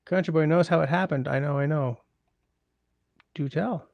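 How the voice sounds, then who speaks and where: A man's voice: a little high, normal speed, gravelly, dry recording, dull audio. A man hosting a casual livestream, reading viewer comments aloud and rambling with wry asides in a chatty way. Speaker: livestream host reading chat.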